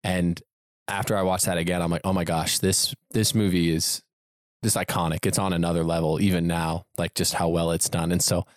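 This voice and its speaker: A man co-hosting a podcast in casual chat, animated, acting out scenes in quoted voices and laughing often. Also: low-pitched, a little fast, no room sound, clean studio sound. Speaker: podcast co-host.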